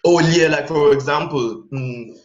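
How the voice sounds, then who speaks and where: A man speaking as an interview guest in casual chat, pausing to search for examples mid-sentence. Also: on the high side. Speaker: interview guest, language learner. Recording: echoey, dull sound.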